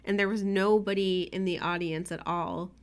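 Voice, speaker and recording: A woman's voice: fairly low pitch, fairly even intonation, moderate pace. A young woman co-hosting a casual podcast chat, emotional and teary, often laughing. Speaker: podcast co-host.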